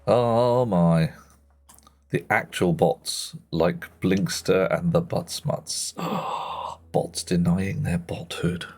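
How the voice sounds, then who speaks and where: Man, game streamer, muttering commentary, self-deprecating asides, slightly low voice. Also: flat delivery, takes it slowly, gravelly, few pauses, breathy edge. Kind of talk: live-stream commentary while playing.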